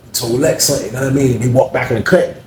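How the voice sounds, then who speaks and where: A man telling a personal story in a casual storytime vlog, animated and profane, speaking straight to his viewers in street slang. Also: medium pitch, racing, echoey room, slight background noise.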